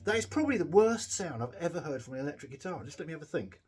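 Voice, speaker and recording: Rambly bloke, kinda high voice, swears a lot, guitar noodling behind. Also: male voice, sing-song, very fast, darkish tone, breathy edge. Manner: rambling, sweary, self-mocking. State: tired and a bit giddy. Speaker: guitar repair vlogger. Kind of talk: casual chat. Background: guitar playing.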